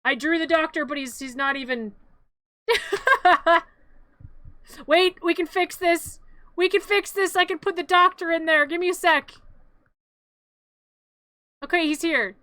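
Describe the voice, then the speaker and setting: Giggly woman streamer, high and bright voice, dry close mic. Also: unhurried, long pauses, no room sound. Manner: giggly, rambling, jokey, with many restarts. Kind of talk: playful live-stream narration.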